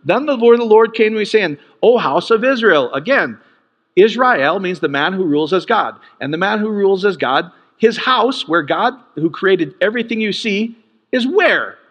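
A man preaching a sermon in an animated way, jumping from loud bursts to quiet asides. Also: normal speed, long reverb tail. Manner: animated, swings from loud peaks to low asides.

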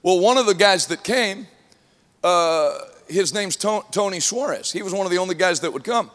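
A man preaching a sermon to a congregation, telling humorous stories and at times rising to shouts. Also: sits high, lively intonation, normal speed. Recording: long hall reverb.

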